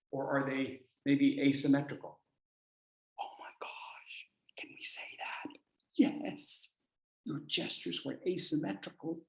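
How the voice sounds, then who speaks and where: Animated male workshop presenter, slightly high voice, playful and teasing, on a video call from an echoey room. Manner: playful, teasing, asks rhetorical questions. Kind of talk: energetic instructional talk.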